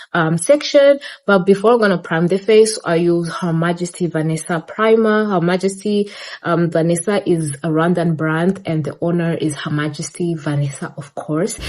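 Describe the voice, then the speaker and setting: Sitting indoors at home, a young woman vlogs about makeup as she puts it on, her low-leaning, slightly mellow voice rambling casually with fillers and a bit of breathlessness. She's filmed by a camera positioned in front of her.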